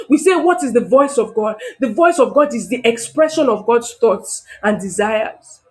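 Very high-pitched man preaching fervently. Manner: impassioned, rising to shouts and praying in tongues. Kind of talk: sermon.

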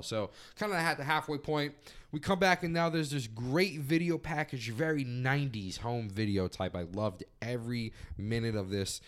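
A man's voice: fairly low pitch, smooth. A man co-hosting a podcast, casually recapping a wrestling event, rambling with many fillers. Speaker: podcast co-host.

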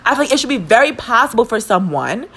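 Animated profane woman telling a story. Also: a little high, husky. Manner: animated, profane storytelling, quick bursts of indignation. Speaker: podcast co-host. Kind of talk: casual storytelling chat.

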